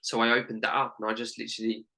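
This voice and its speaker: A man's voice: mid-range voice, level tone, very fast, gravelly, sharp tone, low-quality recording. A young man, a life coach and podcast guest, telling a heartfelt personal story in an earnest way, full of "literally" and "like".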